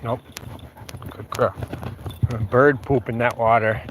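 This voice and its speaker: Slow-talking man chatting on a dog walk. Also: mid-range voice, fairly even intonation, fairly bright tone, slight background noise, rough recording. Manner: rambling, talks to his dogs, breaks into song. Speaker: livestreamer walking his dogs. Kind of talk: casual livestream chat. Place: outdoors on a trail.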